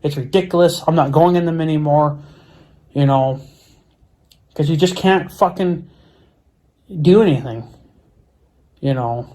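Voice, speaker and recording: A middle-aged vlogger rants at home beside his mower and four-wheeler, in a high-side, dark-toned voice that's a bit slow and full of pauses. It's a casual angry rant: profane, exasperated, repetitive, and tripping over his words.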